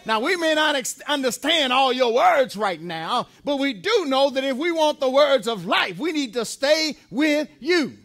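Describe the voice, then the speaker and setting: A man's voice: extremely high pitch, animated, moderate pace, fairly bright tone. A man preaching a sermon in a church, emphatic and repetitive, asking questions and answering them himself. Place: church sanctuary.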